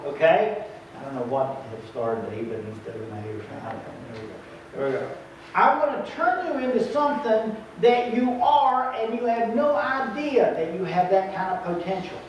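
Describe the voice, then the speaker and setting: A preacher with a high, bright voice delivers an animated sermon and acts out the lines of biblical figures. He is heard from a distance in a big, echoing room. The recording sounds dull and muffled. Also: moderate pace, slight background noise. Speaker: pastor. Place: church sanctuary.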